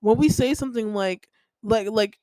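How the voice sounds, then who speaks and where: A woman's voice: a little high, moderate pace, mellow, no echo, rough recording. Young woman ranting on a podcast. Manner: rambling, heated, lots of filler words. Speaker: podcast host. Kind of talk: casual personal storytelling.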